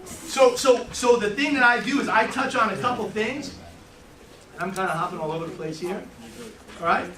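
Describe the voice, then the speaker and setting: Here a man's high voice moves at normal speed, broken by long pauses, while a crowd murmurs in the background. He's running a live sales training in a meeting room for a few people, brash and joking, telling stories and putting questions to them. The mic sits far away in an echoey space.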